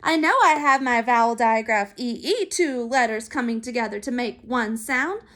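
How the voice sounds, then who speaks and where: A woman teaching a phonics lesson to young children, sounding out letters and syllables slowly and clearly. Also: on the high side, fairly bright tone. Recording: recorded for remote learning.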